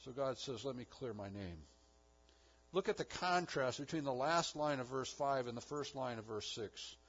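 A man preaching a sermon with emphatic delivery, rising to loud declarations and dropping to hushed low lines. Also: moderate pace, slightly rough, muffled recording. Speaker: pastor.

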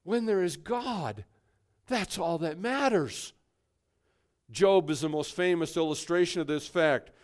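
A man preaching a sermon emphatically, swinging between hushed and forceful delivery. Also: fairly high pitch, expressive, measured pace.

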